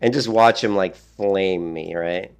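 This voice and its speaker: A man's voice: deep voice, slow pace, gravelly, smooth, soft background music. A middle-aged man chatting casually while streaming a game, rambling, swearing and laughing at his own stories. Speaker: gaming streamer.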